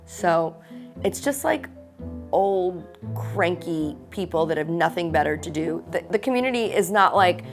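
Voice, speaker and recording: Sarcastic woman vlogger, mock-diva rants, quiet music under her. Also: fairly low pitch, animated, a little slow. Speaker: host of a parody reality-show vlog. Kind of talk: casual confessional chat.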